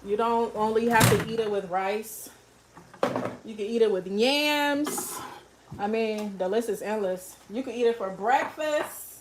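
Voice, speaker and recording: A woman with a slightly high voice hosts a cooking livestream from her home kitchen, speaking at a measured pace. She's chatty, talks straight to her viewers and reads out their comments, with a bit of faint noise in the background.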